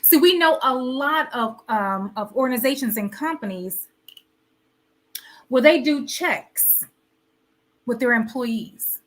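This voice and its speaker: A woman with a high, bright voice hosts a live motivational talk. She preaches to her audience, firing off rhetorical questions and repeating her points for emphasis. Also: animated, takes it slowly, pauses often. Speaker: host of a wellness show.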